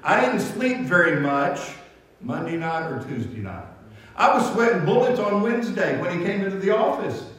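A man's voice: sits high, very animated, normal speed, fairly bright tone. A male pastor preaching a sermon, telling stories with frequent stammered restarts. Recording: echoey hall, mic from far off.

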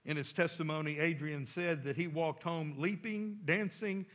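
A pastor telling a story during a sermon in a church, in an animated, dramatic way. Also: male voice, on the high side, normal speed.

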